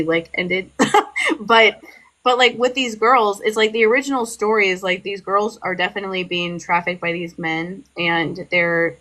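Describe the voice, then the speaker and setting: A woman co-hosting a casual podcast, her voice sharp and bright. She tells a story in loose, run-on sentences packed with "like," getting worked up as she goes. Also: mid-range voice, low-quality recording. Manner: heavy "like" fillers, animated and heated storytelling. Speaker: podcast co-host. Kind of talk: casual chat.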